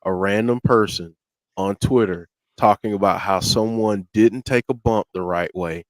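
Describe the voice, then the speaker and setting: A man co-hosting a casual talk show, slightly low-pitched and recorded dry and close. He rants, restarts his sentences and keeps promising to shut up, then winds himself up again. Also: a little slow, dry recording. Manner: ranting, gets fired up, self-interrupting. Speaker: podcast co-host. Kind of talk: casual chat.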